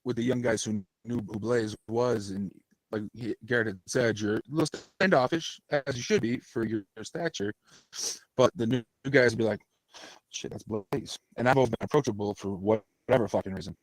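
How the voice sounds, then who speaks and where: A man's voice: mid-range voice, a little fast. A man joining a casual podcast chat as a guest on a call, blunt and profane.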